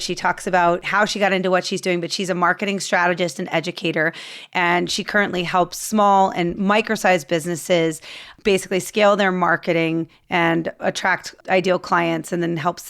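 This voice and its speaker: Casting note: woman host, thirties, low-pitched, loose self-mocking monologue full of fillers. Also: fairly bright tone, clean tone. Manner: chatty, self-deprecating, lots of fillers. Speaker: podcast host. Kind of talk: casual podcast intro monologue.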